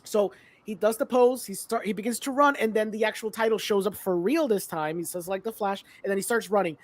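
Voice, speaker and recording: A woman's voice: mid-range voice, brisk. A Puerto Rican woman co-hosting a podcast, casually retelling a movie scene by scene and acting out the characters' lines, with bits of Spanish. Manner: relaxed recap, slips into Spanish, acts out lines. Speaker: podcast co-host. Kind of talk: casual movie recap chat.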